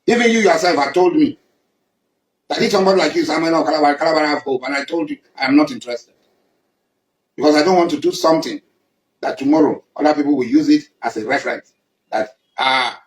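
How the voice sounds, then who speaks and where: A man's voice: fairly high pitch, fast. A man with a Nigerian accent, making an impassioned public address, accusing and emphatic, repeating his points. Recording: echoey room.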